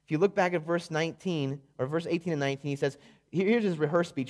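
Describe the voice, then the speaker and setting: High-voiced man preaching a story sermon. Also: fast talker. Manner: vivid storytelling, swinging between loud emphasis and hushed tones.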